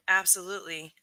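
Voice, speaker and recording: A woman's voice: fairly low pitch, pushed and bright, no echo. A woman hosting a live stream, reading chat and giving her candid, emphatic opinions with casual swearing.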